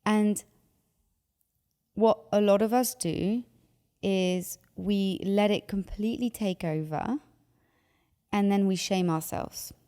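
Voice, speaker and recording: A woman's voice: medium pitch, slow, long pauses, clean tone, long reverb tail. A woman giving emotional advice in conversation, animatedly acting out anxious thoughts. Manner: animated, acts out anxious inner voices.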